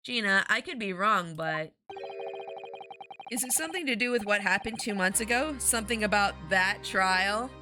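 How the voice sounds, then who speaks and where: A woman voicing an earnest young male defense lawyer who questions calmly. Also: medium pitch, moderate pace, over music, lightly acted.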